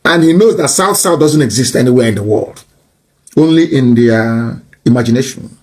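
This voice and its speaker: A man delivering an impassioned, mocking political tirade that rises to shouts. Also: medium pitch, expressive, normal speed. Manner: mocking, scornful, rising to shouts.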